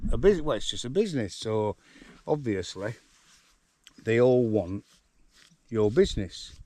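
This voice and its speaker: A man's voice: mid-range voice, darkish tone, slight background noise. An older man with a Yorkshire accent, chatting casually to camera on his farm and talking fondly to his donkeys. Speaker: farm vlogger. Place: outdoors in a farm paddock.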